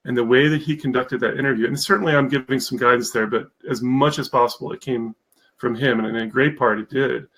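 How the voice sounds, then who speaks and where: A man's voice: medium pitch, steady tone, fast, a bit bright, slightly rough, rough recording. A man talking as a guest on a live stream, enthusiastic and rambling, with many fillers. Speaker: guest, mentorship program founder. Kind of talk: casual live-stream interview.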